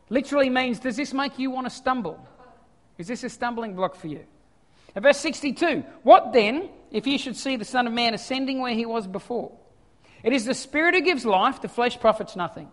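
A male pastor preaching a sermon, swinging from quiet scripture reading to loud animated asides. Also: high-pitched, long reverb tail.

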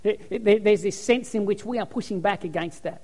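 A man preaching a sermon as pastor, animated storytelling. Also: high voice, brisk. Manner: animated storytelling, acts out cheering crowds. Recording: echoey hall with long reverb.

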